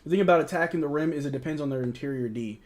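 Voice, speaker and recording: A man's voice: fairly high pitch, rapid-fire. A young American man hosting a live game watch-along, reading out chat questions and reacting to plays as a frustrated fan in casual, slangy banter. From United States.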